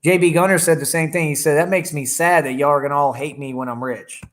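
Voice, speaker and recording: A man's voice: a little high, fairly even intonation, fast talker. A man on a livestream, taunting and boasting at critics in the chat. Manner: talks over his own song playing. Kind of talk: combative livestream rant.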